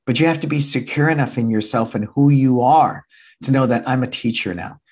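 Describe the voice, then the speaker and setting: A man of sixty with a husky, slightly rough voice delivers a motivational business talk to fellow martial arts school owners. He talks with energy and punch, repeats his key lines for emphasis, and now and then acts out other people's voices. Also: medium pitch, fairly quick, a little mellow. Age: 60s.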